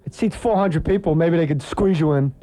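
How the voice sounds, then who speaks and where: A comedian from New Jersey, a man, telling stories with fast, joking banter as a radio guest. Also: on the high side, warm tone. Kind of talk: radio talk, storytelling.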